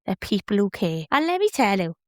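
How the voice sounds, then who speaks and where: A woman's voice: mid-range voice, sing-song, a little fast, no room sound. A woman in her thirties hosting a personal podcast, heartfelt and chatty, emotional and close to tears. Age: 30s. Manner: heartfelt, chatty, tearful at times. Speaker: podcast host.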